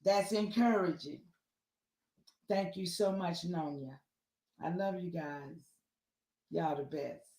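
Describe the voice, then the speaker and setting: A woman's voice: on the low side, slow, pauses often, darkish tone, echoey room. A woman, speaking to listeners on a video call in a casual, heartfelt, preachy way and repeating herself for emphasis. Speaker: speaker at an online symposium.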